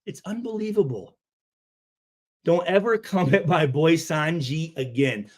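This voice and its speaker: Animated, profane man with a stutter. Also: a little high, slow pace, pauses often. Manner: profane, animated, repeats himself; stutters, restarts often. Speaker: vlogger reading comments. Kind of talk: casual comment reaction.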